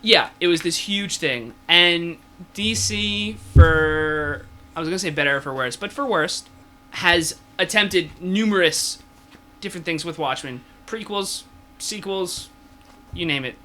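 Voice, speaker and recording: A man's voice: fairly high pitch, bright, forceful tone. A young man hosting a casual comics podcast, joking and steering the chat back on topic. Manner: jokey, steers the talk, quick asides. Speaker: podcast host.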